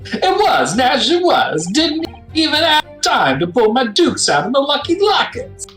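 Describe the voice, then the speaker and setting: A rough street thug from a game, blustering in a put-on Cockney accent, pitched well above the speaker's own voice, as a player reads him aloud. The delivery swings widely and sounds bright against an echoey room. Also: huge pitch swings, measured pace, faint music behind, exaggerated voice. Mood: cocky. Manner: gruff slangy bluster.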